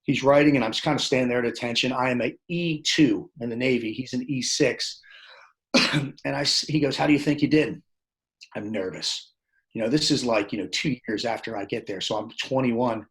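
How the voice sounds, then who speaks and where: A man's voice: mid-range voice, normal speed, low-quality recording. A man telling his own story as a podcast guest, loose and plainspoken, acting out the lines of the people in it. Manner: animated, acts out quoted dialogue; plainspoken, loose phrasing with restarts. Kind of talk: casual storytelling interview.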